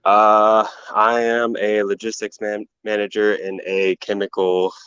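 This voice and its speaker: A man's voice: on the low side, little pitch movement, a little slow, fairly bright tone, clean tone, dry recording, muffled recording. A man calling in to a trading stream from his workplace, chatting casually about his trades. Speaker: caller. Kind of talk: casual call-in chat. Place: at work, audio only.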